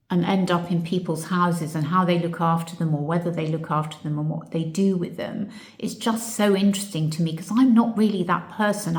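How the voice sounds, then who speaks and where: Lowish voiced woman vlogging q&a, chatty and heartfelt, echoey room. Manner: warm, reflective, gets emotional. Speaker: channel host. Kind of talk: casual Q&A chat to camera.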